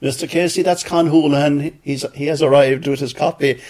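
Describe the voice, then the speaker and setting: A man's voice: a little high, steady tone, fairly quick, a little mellow. An older man telling anecdotes in an interview, acting out other people's words. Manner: anecdotal, acts out quoted voices. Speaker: interviewee, former journalist. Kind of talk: storytelling interview.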